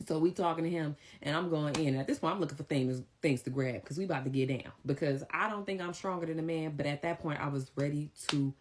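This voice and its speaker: A young woman with a low, deep voice recounting a story in a casual storytime style. Her delivery is animated and emphatic, and she leaps much higher in pitch whenever she slips into quoting someone. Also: fast talker, few pauses. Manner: animated, emphatic retelling with sharp pitch jumps for quoted lines.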